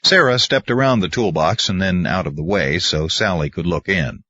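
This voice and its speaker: A man's voice: low voice, moderate pace, bright, forceful tone, dry recording, dull audio. A man narrating a novel as an audiobook reader in a storytelling manner. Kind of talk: scripted narration.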